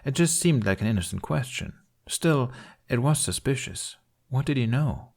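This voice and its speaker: A man with a lowish voice narrates a story chapter in an audiobook style. His delivery is calm and measured. He keeps an even, storytelling pace. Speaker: fan fiction reader.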